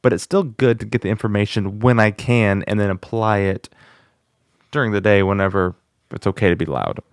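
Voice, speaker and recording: Low-voiced man hosting a home singing vlog. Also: a little fast, clean tone, dry recording, clean studio sound. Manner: chatty, self-deprecating, practicing vocal exercises aloud. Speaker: music channel host. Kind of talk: casual vlog lesson. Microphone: studio microphone.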